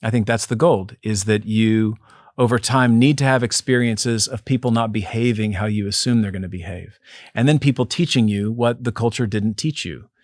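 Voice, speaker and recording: A man with a lowish voice talks earnestly and at a measured pace, a psychotherapist reflecting aloud as an interview guest. He restarts phrases now and then. The sound is dry and close, with no room around it. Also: no echo. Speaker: depth psychotherapist, podcast guest.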